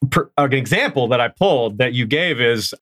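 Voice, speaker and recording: A man's voice: mid-range voice, lively intonation, normal speed, a bit bright, no echo. A man hosting a casual podcast interview, enthusiastically speaking straight to his listeners. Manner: enthusiastic, addresses listeners directly. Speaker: podcast host.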